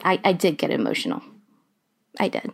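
A woman co-hosting a casual podcast, talking in an excitable, gushing way and repeating herself. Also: sits low, fairly quick, creaky, slightly rough. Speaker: podcast co-host.

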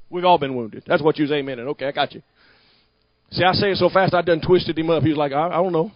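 A man preaching a sermon to a congregation, talking back and forth with them and building to shouted emphasis. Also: high-pitched, sing-song, fast, no echo, muffled recording. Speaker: pastor.

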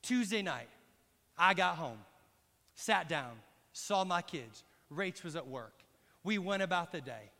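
A middle-aged man preaching a sermon in a church, telling a personal story with lively, direct asides to the congregation. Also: sits high, slow pace, vocal fry. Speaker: pastor. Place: church hall. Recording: long reverb in a large hall.

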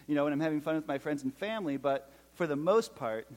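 Man, Minnesotan accent, sermon, chatty storytelling, raised pitch, long hall echo. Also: fast, a little mellow. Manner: storytelling with jokes, frequent "okay?" check-ins. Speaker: pastor.

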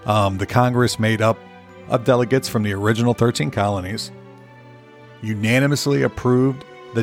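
A man's voice: mid-range voice, fairly even intonation, normal speed, soft background music. A man hosting his own podcast, rambling casually and cursing, often repeating himself as he goes. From United States. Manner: rambling, profane, repeats words. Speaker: podcast host.

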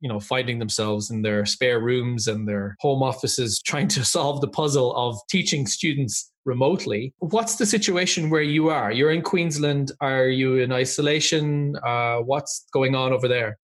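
A man's voice: medium pitch, normal speed, few pauses. A man hosting a podcast, reading a guest introduction and then chatting with enthusiasm. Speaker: podcast host. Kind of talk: scripted introduction and casual interview. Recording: music playing behind the voice. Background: music.

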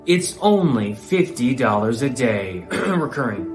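A man's voice: sing-song, unhurried, roomy sound, over music. A man voicing a solemn, pleading male announcer in a mock charity fundraising ad. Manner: earnest, pleading pitch.

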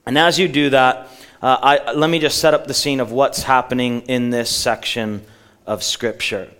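A man's voice: medium pitch, fairly even intonation, a bit bright, clean tone. Middle-aged male pastor, mid-range voice, preaching and retelling a story. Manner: storytelling, slows down for emphasis and quotes. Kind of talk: sermon. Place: church.

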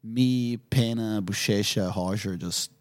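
A podcast guest from Brazil, speaking English in a somewhat low register, shares stories in a relaxed way. Lively and ready to laugh, he tends to tack "you know what I mean" onto his sentences.

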